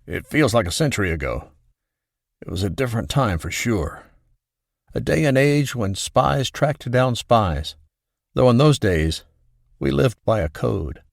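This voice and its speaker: A man doing a low, soft-spoken mysterious stranger. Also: vocal fry, no echo, clean studio sound, full character voice. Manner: unhurried, faintly amused. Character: stranger, older man, calm and enigmatic.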